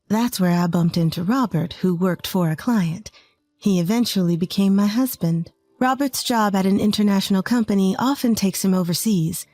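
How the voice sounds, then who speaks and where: A woman's voice: medium pitch, a little mellow, dry recording. A woman in her twenties from rural Texas, telling a first-person story in an earnest, plain way. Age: 20s. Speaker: narrator.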